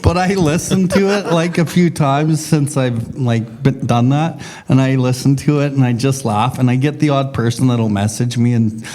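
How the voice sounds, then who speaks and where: A man's voice: mid-range voice, fairly even intonation, normal speed, few pauses, mellow. Casual, swearing man. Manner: swears freely, rambling storytelling. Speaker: podcast co-host. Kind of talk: casual recovery group discussion.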